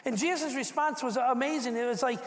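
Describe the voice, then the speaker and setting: High-pitched pastor guy preaching, lively, acts out the quotes, big echoey hall. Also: fairly quick. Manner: animated, acts out quotes, repeats words. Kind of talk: sermon.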